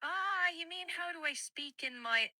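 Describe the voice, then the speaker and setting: A synthetic female AI assistant voice, answering politely in a measured, accommodating way. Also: extremely high pitch, expressive, bright, forceful tone, no echo. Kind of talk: conversational AI replies.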